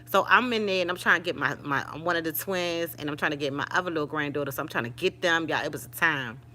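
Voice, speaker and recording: An older woman telling a story to her live-stream viewers in a casual, animated way. She calls them y'all and honey and speaks. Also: low-pitched, fast.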